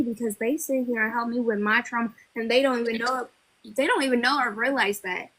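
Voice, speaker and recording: A woman's voice: on the high side, fairly even intonation, quick pace, a bit bright, rough recording. A woman in her early twenties chatting candidly on a live panel, rambling with lots of "like". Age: 20s. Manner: candid, rambling, uses "like" a lot. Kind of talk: casual chat on a live panel.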